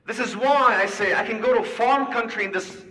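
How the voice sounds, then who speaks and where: Man lecturing, high and bright, lots of rhetorical questions, sounds far off in a big echoey hall. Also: brisk. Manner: animated, rhetorical questions, acts out dialogue. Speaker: public speaker. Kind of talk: lecture with storytelling.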